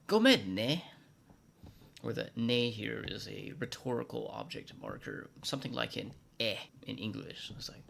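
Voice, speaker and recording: An American man hosts a scripted vlog teaching Japanese, his low-ish voice carrying vocal fry and lively intonation at a slightly slow pace. He's playful, slipping into hushed asides and mock-formal speech.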